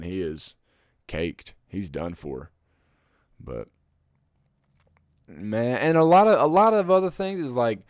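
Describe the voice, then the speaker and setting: A young man hosting a podcast alone, rambling in casual chat, swearing often and getting loud and heated when he rants. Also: low voice, no room sound, studio quality. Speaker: podcast host.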